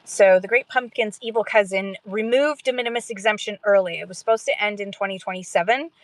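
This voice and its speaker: A woman chats casually on a livestream at a middling pitch, rambling from one thing to the next and poking fun at herself. The recording is dry and close, with no room sound. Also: a little fast, no room sound. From Canada. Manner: chatty, rambling, self-deprecating, laughs often. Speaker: livestream host for sellers.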